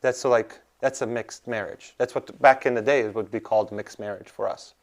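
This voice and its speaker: A man speaks as a guest in a casual conversation. He agrees easily and explains things in a calm, steady way. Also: lowish voice, normal speed. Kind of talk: casual interview chat.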